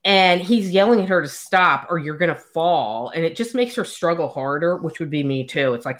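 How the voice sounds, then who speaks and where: Woman, casual podcast co-host, low-ish voice, lively storyteller who acts out the dialogue. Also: moderate pace, hardly any pauses. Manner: animated retelling, acts out quotes, swears casually. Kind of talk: casual book recap chat.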